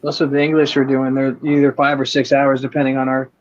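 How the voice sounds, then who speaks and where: A man's voice: medium pitch, completely flat delivery, fast. A man chatting on a stream voice call, hesitant and unsure, with filler words. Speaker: guest on a stream voice chat. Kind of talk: casual chat. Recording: dull lo-fi voice chat with faint clicks.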